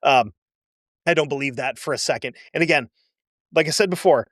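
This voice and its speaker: A man's voice: a little high, fairly quick, fairly bright tone, no room sound, studio quality. A man hosting a history show, telling the story casually with blunt, sarcastic asides. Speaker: history podcast host.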